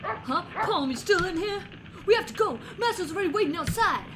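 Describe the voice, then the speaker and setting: A woman voicing a gentle, worried male Shiba Inu dog in a video game, talking in a pleading, earnest way. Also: extremely high pitch, expressive, fairly quick, noisy background. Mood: urgent. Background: game music.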